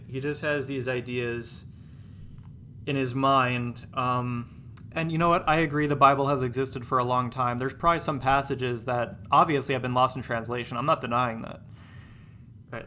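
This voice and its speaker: A man's voice: mid-range voice, pushed and bright, slight background noise. A man live-streaming a game, chatting casually and rambling, restarting his words and sounding exasperated and dismissive.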